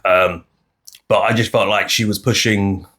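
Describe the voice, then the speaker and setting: British man, animated podcast debate, low-pitched voice, restarts and acted-out quotes. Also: a little slow. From United Kingdom. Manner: animated, acts out other people's lines, frequent restarts. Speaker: podcast co-host. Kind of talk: casual debate chat.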